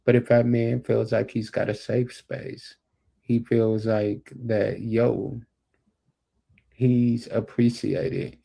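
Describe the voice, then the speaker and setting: A man's voice: fairly low pitch, vocal fry, mellow, breathy edge. A man co-hosting a podcast, talking emphatically and repeating his points. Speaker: podcast co-host and executive producer. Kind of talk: casual podcast chat.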